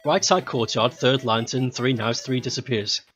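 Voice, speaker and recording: A streamer in their thirties chatting casually over a game, blunt and quick to swear and laugh. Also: mid-range voice, a bit bright, faint music behind.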